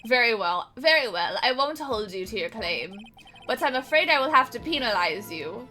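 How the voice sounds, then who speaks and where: A fussy older male judge, read by a woman, ponderous and formal in his phrasing. Her voice stays bright under the part, with a lively lilt. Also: a little high, normal speed, faint music behind.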